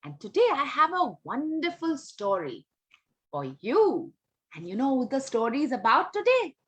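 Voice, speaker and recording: A woman telling a story to young children on a video call, animated and coaxing, asking them questions as she goes. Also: high-pitched, moderate pace, breathy edge. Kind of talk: online storytelling workshop.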